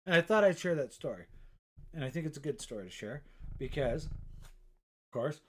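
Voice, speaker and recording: A man's voice: a little high, expressive, normal speed, slight background noise. A middle-aged man, a painter, chatting casually on a live stream from his art studio, rambling and self-mocking and swearing freely.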